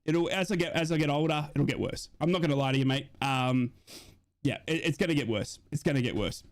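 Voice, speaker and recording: A man runs a live stream in a loose, matey way, talking straight to his viewers. His voice sits high for a man. He jumps from easy chatter to excited shouts. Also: brisk. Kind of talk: casual live-stream chat.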